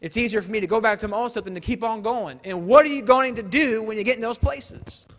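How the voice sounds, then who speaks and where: Man, guest preacher, fairly high voice, emphatic sermon with casual asides, long church hall echo. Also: quick pace, few pauses. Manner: emphatic, rises to shouts, conversational asides.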